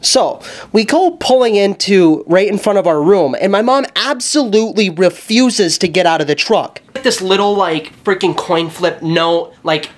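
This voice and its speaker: Young male vlogger, casual story time, lively and foul-mouthed. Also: sits high, normal speed, hardly any pauses. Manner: animated, profane, jokey storytelling.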